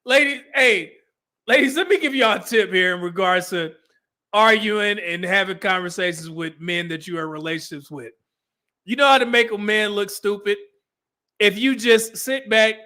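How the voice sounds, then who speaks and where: Man, high voice, bright, reaction streamer, slangy, laughing a lot. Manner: loud, laughing, slangy advice-giving. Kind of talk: casual commentary.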